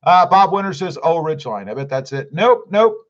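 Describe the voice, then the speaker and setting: A man's voice: a little high, sing-song, brisk, lo-fi sound. Chatty man reading livestream comments. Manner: reads viewer comments aloud and answers them. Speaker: livestream host reading chat. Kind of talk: casual livestream chat.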